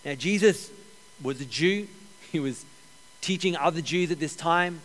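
A man preaching a sermon as pastor, energetic, repeating key phrases and joking with the congregation. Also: fairly high pitch, measured pace. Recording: long hall reverb.

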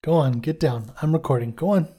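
A man's voice: fairly high pitch, a little fast, dark tone, slight background noise. A man co-hosting a podcast, chatting casually about a TV episode, joking, rambling and swearing freely. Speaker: podcast co-host. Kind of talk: casual chat, reviewing a TV episode.

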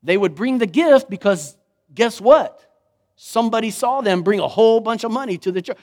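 A man preaching a sermon in an animated way, acting out the voices he quotes. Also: high voice, a little fast. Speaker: pastor.

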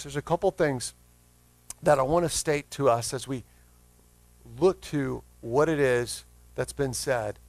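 A man preaching a sermon as pastor, earnestly reading scripture slowly and then explaining it in plain words. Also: on the high side, vocal fry, no echo.

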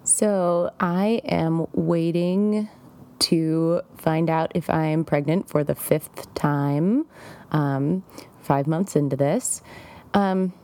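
A woman's voice: sits low, steady tone, takes it slowly, mellow. A young woman recording a personal diary, chatty and rambling, with many fillers and wry self-mocking asides. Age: young adult. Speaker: diarist.

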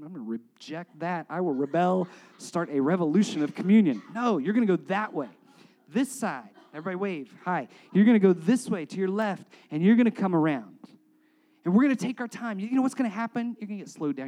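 A man preaching as a pastor, guiding a congregation through communion, talking directly to them and swinging from loud urging to hushed prayer. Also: high voice, low-quality recording. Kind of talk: sermon leading communion.

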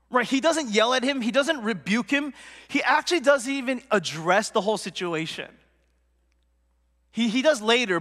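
A man's voice: sits high, sharp tone, long reverb tail. A man preaching a casual sermon as a pastor, earnest and conversational, with lots of "like" and "right?".

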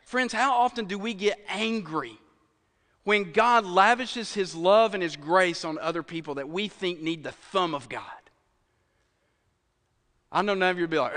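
A middle-aged man preaches in a loose, chatty style, his voice sitting high. He pulls back to a near whisper for emphasis, then pushes forward again. The long reverb of a large hall hangs on every phrase. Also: measured pace. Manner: conversational preaching, swings from loud to near whisper. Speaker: pastor. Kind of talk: sermon.

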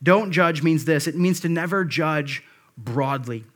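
A man's voice: on the high side, a little slow, a bit bright. A male pastor delivering a conversational sermon, with frequent asides and restarts.

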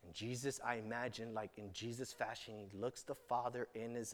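A man's voice: mid-range voice, fairly even intonation, normal speed, few pauses. Earnest male preacher in a hall. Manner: earnest storytelling with restarts. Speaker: pastor. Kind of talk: sermon.

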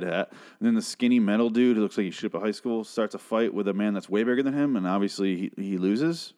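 A man's voice: lowish voice, fast talker, few pauses, warm tone. A young man recapping and reviewing a TV episode in a rambling, sarcastic way, swearing freely and acting out the characters' lines. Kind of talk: casual recap and review monologue.

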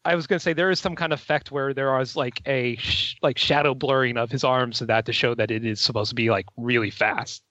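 A man's voice: medium pitch, steady tone, a little fast, hardly any pauses, fairly bright tone, highs cut off. A man co-hosting a podcast, casually adding details with lots of "like". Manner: adds visual details with many likes. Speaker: podcast co-host. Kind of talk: casual chat.

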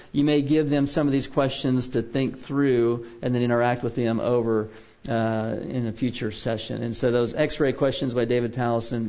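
A man teaching a biblical counseling class in a relaxed lecture style, often checking in with his listeners by asking "okay?". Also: medium pitch, lo-fi sound.

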